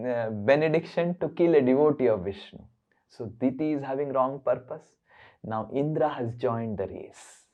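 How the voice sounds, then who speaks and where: A man's voice: a little high, a little mellow, muffled recording. A man giving a playful scripture lecture, leading verse chants and chuckling as he explains. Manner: playful, chuckling, with frequent fillers. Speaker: spiritual teacher.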